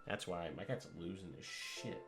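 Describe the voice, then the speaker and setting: A man's voice: low-pitched, normal speed, fairly bright tone, roomy sound, faint music behind. A man giving casual gameplay commentary, chatty and swearing, cooing baby talk to his cat. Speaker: let's play gamer.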